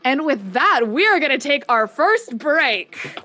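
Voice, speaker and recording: A woman running a tabletop game stream, describing scenes in a chatty way full of ums and quick asides. Her voice sits on the higher side, with faint music under it. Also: very animated, pushed and bright. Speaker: game master.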